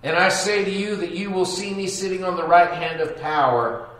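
A man's voice: high voice, moderate pace, fairly bright tone. Echoey far-off male pastor preaching. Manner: dramatic, acts out quotes and sound effects. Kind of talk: sermon. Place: church sanctuary. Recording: echoey church recorded from afar.

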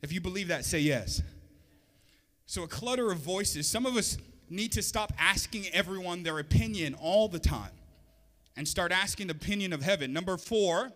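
Preaching at a moderate pace, this male pastor has a high, bright, expressive voice and a relaxed, conversational style full of humorous asides. A long hall reverb carries each phrase.

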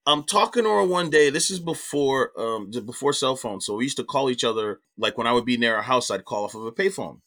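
Man, middle-aged, bright tone, animated profane storytelling, acts out quotes. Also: mid-range voice, fairly quick, hardly any pauses. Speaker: guest comedian. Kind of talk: casual storytelling.

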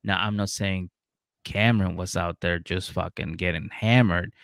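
Gravelly-voiced laughing podcast man. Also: sits low, normal speed, dry recording, studio quality. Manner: animated storytelling, acting out voices, laughing often. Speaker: podcast co-host. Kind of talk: casual chat.

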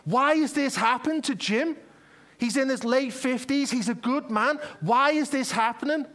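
A man's voice: very high voice, unhurried, a bit bright, voice pushed up. A man preacher voicing an angry, frustrated man who rages about a friend's illness, firing off indignant, pleading questions. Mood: raging.

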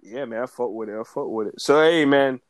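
A man co-hosting a casual wrestling podcast, talking in animated slang and laughing often. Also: medium pitch, a little fast, no echo. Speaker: podcast co-host.

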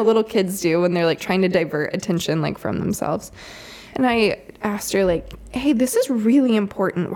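Woman, 30s, mother recounting a story; conversational, filler-heavy, slight vocal fry. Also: mid-range voice. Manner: chatty, lots of "like" and soft laughs. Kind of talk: casual storytelling chat.

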